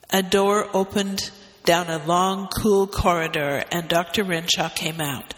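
A man reading a story aloud as narrator, with steady, expressive narration. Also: high voice, a little slow, long reverb tail.

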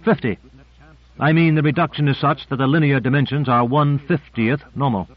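A man's voice: mid-range voice, fairly even intonation, moderate pace, pitched above the performer's own voice, lightly acted. A man voicing a precise, formal male scientist. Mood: explaining. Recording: muffled lo-fi recording.

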